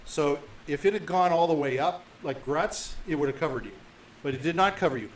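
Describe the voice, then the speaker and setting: Slightly high-voiced game master. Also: male voice, lively intonation, slight background noise. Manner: halting, self-correcting description. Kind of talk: narrating a tabletop game.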